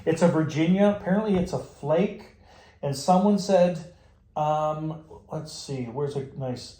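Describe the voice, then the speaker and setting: A man vlogging in a casual, rambling, enthusiastic way, tired with his voice going hoarse. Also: a little high, unhurried, dark tone, reverberant. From Canada. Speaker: pipe tobacco vlogger. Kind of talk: casual vlog chat.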